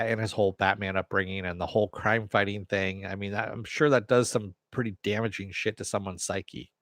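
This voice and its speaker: A man's voice: on the low side, fairly bright tone, no room sound, studio quality. A man hosting a casual live TV review, rambling off the cuff, swearing now and then and answering chat comments. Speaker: TV review host.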